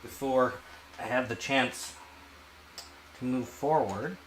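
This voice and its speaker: A man hosting an art channel, walking through a painting demonstration in a relaxed way and thinking aloud as he works. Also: medium pitch, slow pace, roomy sound, low-quality recording. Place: home art studio.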